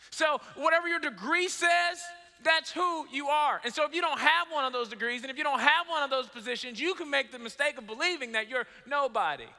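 Animated pastor preaching in a big reverberant hall. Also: male voice, high voice. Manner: animated storytelling, acts out dialogue, self-mocking humor. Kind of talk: sermon.

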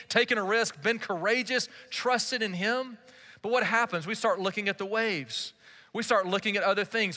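A man's voice: sits high, bright, forceful tone, big-room sound. A man preaching a sermon as pastor, talking in a conversational, emphatic way and asking rhetorical questions.

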